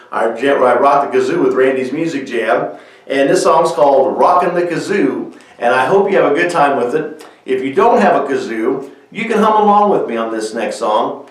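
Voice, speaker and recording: Male kids' show host, friendly step-by-step craft demo, recorded far off mic in a very echoey room. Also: mid-range voice. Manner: friendly step-by-step explaining with fillers. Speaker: children's music show host. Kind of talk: craft demonstration for kids.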